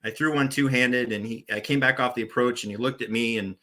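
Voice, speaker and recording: This is a man in his forties with a bright, forceful voice, chatting easily as a podcast guest. He rambles through his stories with lots of restarts and small fillers. His pitch sits right in the middle for a man. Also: steady tone, a little fast. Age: 40s. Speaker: podcast guest, former bowling tournament director. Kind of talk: casual storytelling interview.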